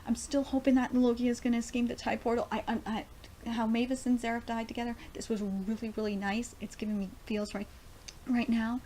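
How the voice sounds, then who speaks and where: A woman's voice: on the high side, level tone, a little fast, dark tone, slight background noise. A woman streaming a live manga reaction, emotional and rambling, with frequent exclamations.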